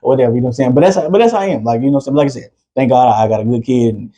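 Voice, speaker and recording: A man's voice: medium pitch, racing, dark tone. A man co-hosting a podcast in casual chat, a father who keeps checking in with "you know what I'm saying". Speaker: podcast co-host; father of a preteen son.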